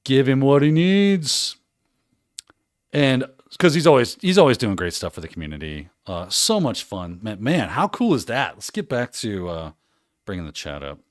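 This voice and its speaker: A man's voice: fairly low pitch, huge pitch swings, moderate pace, no echo, clean studio sound. Jokey man hosting a livestream. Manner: reads out viewer comments, jokey, laughs often. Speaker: livestream host. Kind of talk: casual livestream chat.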